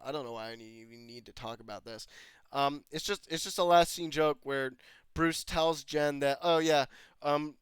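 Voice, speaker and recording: An exasperated online reviewer rants over footage, with a lively voice that swings up and down and a smooth, resonant tone. The sound is close and dry, with no room echo. Frequent laughter and swearing punctuate the disbelieving questions. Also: medium pitch. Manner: laughs often between lines, swears freely; exasperated, incredulous rhetorical questions. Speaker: video reviewer. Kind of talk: ranting commentary over footage.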